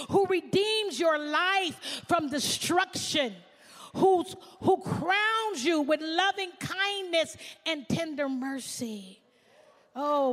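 A woman pastor preaching a sermon, swinging from shouts to hushed asides. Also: very high voice, big-room sound.

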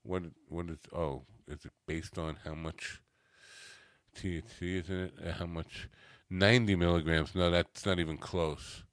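A man's voice: low voice, steady tone, moderate pace, fairly bright tone, smooth, no echo, studio quality. A man hosting a casual chat show, rambling and self-mocking, easily distracted, coming down from a cannabis edible. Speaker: podcast host.

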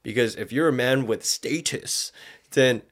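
A man's voice: mid-range voice, measured pace. A young man chatting casually as co-host, rambling, swearing freely and laughing often. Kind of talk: casual reaction chat.

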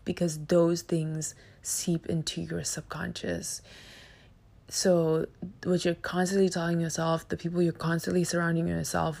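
A woman hosts her own podcast in a loose, chatty monologue, talking to her listeners in an animated, emphatic way with plenty of slang. Her voice sits a little low, with a gravelly fry running through it. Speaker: podcast host. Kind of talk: casual solo monologue.

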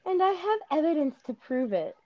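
A woman's voice: high voice, sing-song, moderate pace, highs cut off, over a noisy crowd. A woman co-hosting a podcast, rambling and arguing emphatically in casual chat over a video call. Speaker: podcast co-host.

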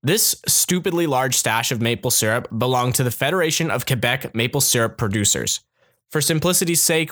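A man's voice: mid-range voice, expressive, a little fast, fairly bright tone. A young man from Canada hosting a comedy podcast, joking and sarcastic with frequent laughter. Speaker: podcast host. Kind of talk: casual comedic podcast monologue.

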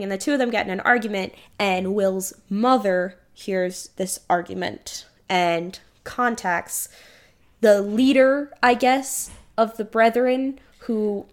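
Young woman, podcast co-host, casual animated chat, mid-range voice, swears a lot. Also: mid-range voice, slow pace. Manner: animated, swears freely, acts out quotes. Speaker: podcast co-host recapping a film.

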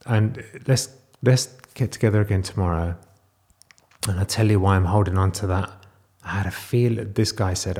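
Halting, tearful man with a lowish voice. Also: darkish tone. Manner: halting and raw, with frequent restarts and trailing off. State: close to tears. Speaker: vlogger. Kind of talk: confessional video diary.

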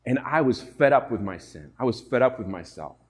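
A man's voice: mid-range voice, animated, a little fast, a little mellow. A man preaching a sermon as pastor to a congregation, earnest and often putting questions to his listeners.

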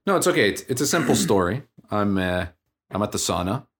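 A man co-hosting a podcast, telling a story in a casual, animated way. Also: on the low side, fairly quick, vocal fry. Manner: animated storyteller, acts out dialogue. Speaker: podcast co-host.

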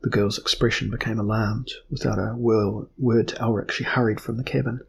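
A man narrating a fantasy novel as an audiobook in a measured, even storytelling manner. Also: on the low side, vocal fry, slight background noise.

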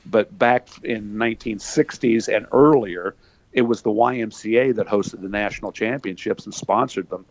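Speaking at a moderate pace in a lowish voice, an older Pennsylvania native and former wrestler recounts stories during a casual interview. His folksy delivery leans on plenty of fillers; the recording has no room sound but is muffled.

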